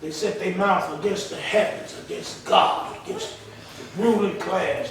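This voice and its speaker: A man's voice: high voice, a little slow, a little hiss or hum. A man preaching a sermon with call-and-response, emphatic and colloquial, heard in a church hall. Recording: roomy echo, from far off the mic.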